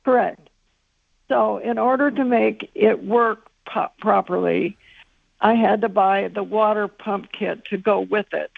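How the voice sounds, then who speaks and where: A woman calling in to a radio show, calmly explaining her complaint step by step. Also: mid-range voice, unhurried, vocal fry, no room sound. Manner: matter-of-fact, explaining step by step. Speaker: caller. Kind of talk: phone-in complaint. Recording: tinny phone line.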